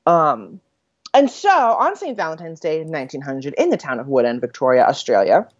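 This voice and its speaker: A woman with a lowish voice co-hosting a chatty podcast, rambling through a story summary with plenty of ums and laughs. Her pitch swings widely as she talks. The recording sounds dull, lo-fi and dry. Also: big pitch swings, brisk, darkish tone, dry recording. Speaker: podcast co-host. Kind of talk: casual chat.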